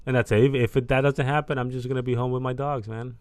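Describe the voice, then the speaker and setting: A man's voice: mid-range voice, steady tone, fast talker, no echo. Young male podcast co-host, rambling and chatty, dry close sound. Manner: loose and rambling, repeats himself. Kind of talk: casual podcast chat.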